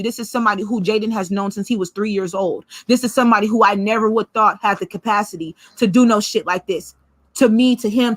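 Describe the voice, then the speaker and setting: A woman vlogger telling a personal story in a blunt, profane, animated way. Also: fairly high pitch, dry recording.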